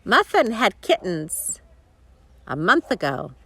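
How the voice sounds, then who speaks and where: A sweet, earnest little girl, as a woman reading a storybook puts her on, voice bright and light with lively ups and downs. Slow and careful, close and dry. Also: medium pitch, slightly rough, full character voice. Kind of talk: storybook read-aloud.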